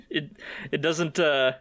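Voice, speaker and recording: A man's voice: a little high, fairly even intonation, slow, fairly bright tone, dry recording, clean studio sound. A man hosting a casual recap podcast, joking, swearing and laughing often as he acts out scenes. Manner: profane, joking. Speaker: podcast host.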